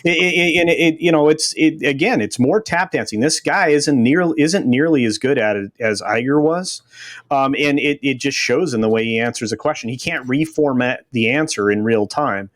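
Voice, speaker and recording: A man panelist giving frustrated, halting criticism in a casual online roundtable. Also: medium pitch, dry recording, clean studio sound.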